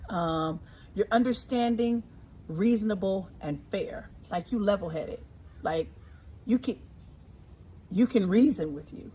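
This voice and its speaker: A woman in her forties, talking casually and warmly about her husband, emphatic and repeating her points. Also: mid-range voice, a little slow, pauses often, slightly rough. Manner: emphatic and repetitive, often repeating phrases. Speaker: co-host, singer. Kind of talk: casual heartfelt talk.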